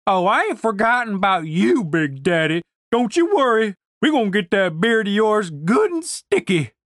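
A man's voice: high voice, big pitch swings, moderate pace, fairly bright tone, no room sound, studio quality, voice pushed up. A man voicing a drunk, belligerent, foul-mouthed woman who taunts and swears. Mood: taunting. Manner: crude, slurred taunting.

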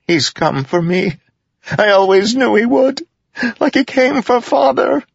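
A man's voice: very high voice, expressive, unhurried, vocal fry, no room sound, voice pushed up, exaggerated voice. A man voicing a frightened young king who whimpers in fear, in an audiobook reading. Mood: fearful whimpering. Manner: whimpering, fearful. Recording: dull lo-fi audiobook recording.

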